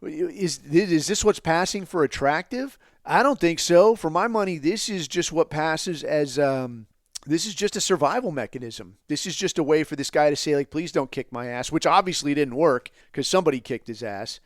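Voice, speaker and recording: A man's voice: a little high, expressive, moderate pace, no echo, clean studio sound. A man hosting his own podcast in a blunt, profane, rambling solo rant, now and then mocking others in put-on quoted voices. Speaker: podcast host.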